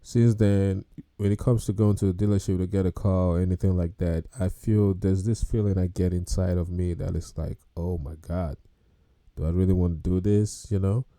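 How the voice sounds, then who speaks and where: A man's voice: sits low, fairly even intonation, normal speed, dark tone, dry recording, studio quality. A man hosting a podcast, reacting to video clips about car payments with casual, incredulous commentary and laughter. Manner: incredulous, laughs and exclaims at prices.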